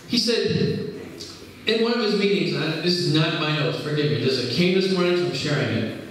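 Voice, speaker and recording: A man's voice: high voice, fairly quick, fairly bright tone, slight background noise. A man giving an earnest, conversational sermon at a religious gathering, retelling conversations in quoted speech. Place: large hall. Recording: echoey hall, speaker far from mic.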